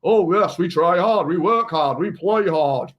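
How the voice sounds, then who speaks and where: A man's voice: sits high, unhurried. A man putting on a Leeds accent to play a cheeky, eager teenage lad. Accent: put-on Leeds.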